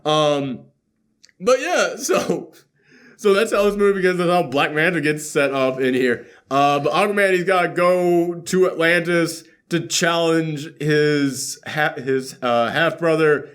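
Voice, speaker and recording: A man hosting a casual movie reaction chat, sarcastic and laughing often as he acts out scenes in quick voices. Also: a little high, a bit bright. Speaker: podcast host.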